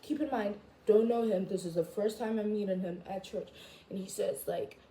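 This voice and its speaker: A woman in a casual rant to camera as a vlogger, chatty and full of "like", jumping high in pitch when she quotes herself. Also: moderate pace, mellow. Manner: chatty, full of "like" and "I was just like". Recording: echoey room, faint background noise.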